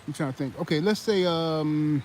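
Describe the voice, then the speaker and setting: Male sports channel host, fired-up rant, slightly high voice, faint noise behind. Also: moderate pace, low-quality recording. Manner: animated, heated, many fillers and restarts. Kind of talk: live-stream sports commentary.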